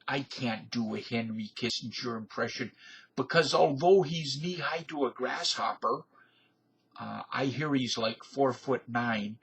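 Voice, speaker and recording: A man's voice: mid-range voice, unhurried, creaky, a bit bright, husky, low-quality recording. A man in his fifties with a folksy, digressive manner, talking to camera in a rambling casual monologue. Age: 50s. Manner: folksy, digressive, filler-heavy. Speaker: video blogger.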